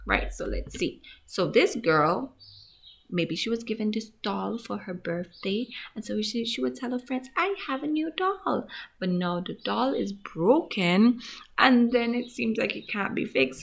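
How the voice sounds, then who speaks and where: A woman teacher slowly sounding out letters and words in a gentle, encouraging phonics lesson for young children. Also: mid-range voice, gravelly. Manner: gentle, encouraging, asks questions to young pupils. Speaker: grade one teacher.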